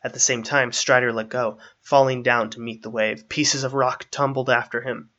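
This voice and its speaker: A man narrating a fantasy story aloud in a steady storytelling manner. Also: medium pitch, normal speed, highs cut off.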